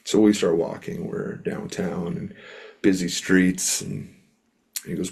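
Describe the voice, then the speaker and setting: A man's voice: deep voice, little pitch movement, takes it slowly, gravelly, darkish tone, slightly rough. A middle-aged man from Canada, a musician and speaker, telling stories as an interview guest in an earnest, rambling way with lots of fillers. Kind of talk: storytelling in an interview.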